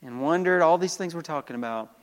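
A man's voice: a little high, fast talker, in a large hall. A male pastor preaching a sermon with emphatic delivery, calling out to the congregation for responses.

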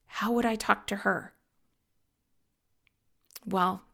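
A middle-aged woman hosting a reflective solo talk, earnest and gently confiding as she shares personal thoughts. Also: medium pitch, fairly even intonation, measured pace, vocal fry, long pauses.

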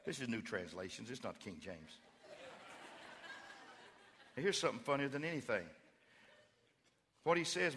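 A man preaching in a church with a bright, forceful voice that rings out in a long hall reverb. He moves between hushed, playful retellings of scripture and rising, fervent calls to the congregation. The delivery is a lively mix of humor and fire. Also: medium pitch, moderate pace, gravelly, long pauses. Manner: swings from quiet storytelling to loud fervent preaching. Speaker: pastor. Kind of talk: sermon. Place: church sanctuary.

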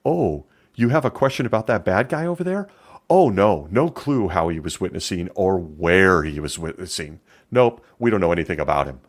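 A man's voice: low-pitched, animated, normal speed. A man putting on the voice of an evasive male church official testifying in court, in a mocking, falsely innocent tone.

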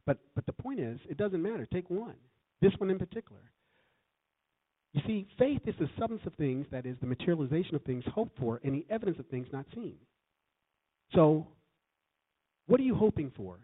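A man preaching in a church in a lively sermon, calling out lines for the congregation to finish. His voice sits a little high and swings widely in pitch. The sound is thin and phone-like. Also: fairly quick, long pauses, husky. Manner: lively, calls for congregation responses. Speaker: guest preacher.

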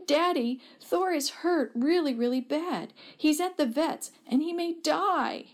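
A woman's voice: a little high, takes it slowly, darkish tone. A woman voicing a tearful twelve-year-old girl in a storybook reading, pleading through sobs. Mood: sobbing. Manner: sobbing, pleading.

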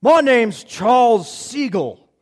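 A man's voice: extremely high pitch, slow, breathy edge, voice pushed up, full character voice. A man doing a gushing older guy with a thick accent. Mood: boastful. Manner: excited, gushing, talks on and on. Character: enthusiastic chatty older man with strong accent.

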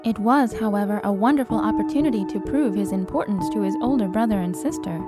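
A woman narrating an audiobook in a measured, expressive way. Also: medium pitch, over loud music. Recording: narration over film score.

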